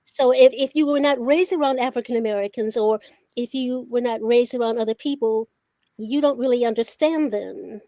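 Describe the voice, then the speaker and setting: High-pitched older woman telling stories. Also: normal speed, no room sound. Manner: animated storyteller who acts out quoted dialogue. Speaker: veteran journalist, talk show guest. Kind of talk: casual storytelling.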